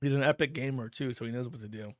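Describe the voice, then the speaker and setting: A man's voice: mid-range voice, quick pace, no echo, studio quality. Crude offhand man hosting a stream. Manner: blunt, crude and offhand, laughs often. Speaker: livestream host reading donations. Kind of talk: casual streaming commentary.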